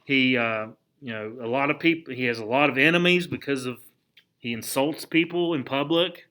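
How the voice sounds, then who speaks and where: A man teaching a history class in a lively, conversational lecture, often putting rhetorical questions to the students. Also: mid-range voice, normal speed. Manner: conversational, frequent restarts.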